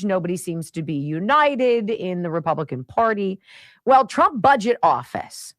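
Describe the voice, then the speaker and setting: A woman's voice: on the high side, no echo. A middle-aged woman hosting a radio talk show, opinionated and sarcastic, laughing often.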